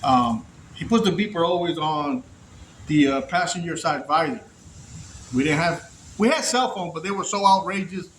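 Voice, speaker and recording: Casual male vlogger, high voice, profane rambling storyteller, faint hum behind. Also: animated, moderate pace, a bit bright. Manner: rambling, profane, restarts often. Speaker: former inmate telling his story. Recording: echoey room.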